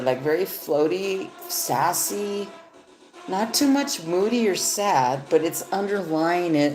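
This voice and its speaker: A woman's voice: sits low, a little mellow. A woman reading tarot cards live, talking in a loose, rambling, profane way. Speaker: tarot reader. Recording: echoey room.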